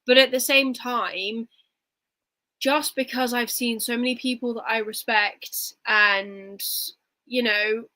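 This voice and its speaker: A woman's voice: a little high, steady tone, slow pace, bright, forceful tone, dry recording, poor audio. A woman co-hosting a casual livestream book chat, talking in a rambling, reflective way with many restarts. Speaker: book podcast co-host.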